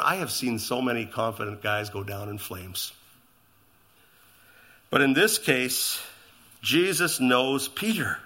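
A man's voice: fairly low pitch, sharp tone. A middle-aged man preaching a sermon in a conversational style, with asides to his congregation. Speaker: pastor.

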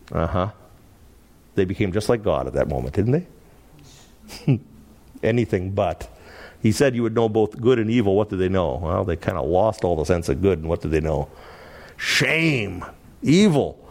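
A man teaching through a Bible passage, animated and laughing often as he acts out the quoted lines. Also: on the low side, normal speed, pauses often.

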